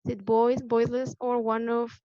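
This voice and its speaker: A woman teaching English pronunciation in a patient, deliberate way, repeating the key points for her students. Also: a little high, little pitch movement, warm tone, clean tone, no echo. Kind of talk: classroom lesson explanation. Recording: dull lo-fi sound, dry.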